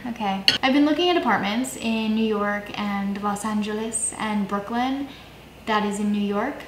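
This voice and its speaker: Young woman, cooking vlog host, sarcastic, self-mocking, roomy kitchen, noisy background. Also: medium pitch. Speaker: cooking vlogger. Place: home kitchen.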